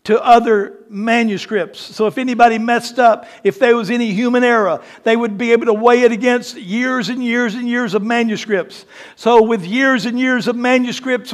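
A man delivers a sermon from the pulpit in a notably high voice. He talks easily with the congregation, then slows down and leans hard into the words he wants to land. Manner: emphatic preaching, slows and rises on key words; conversational asides to the congregation. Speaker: lead pastor.

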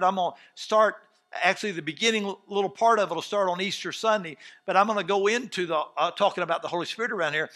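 A man preaching a sermon as pastor, swinging from soft asides to shouted outbursts and acting out quoted dialogue. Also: sits high. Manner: acts out quoted dialogue in scenes.

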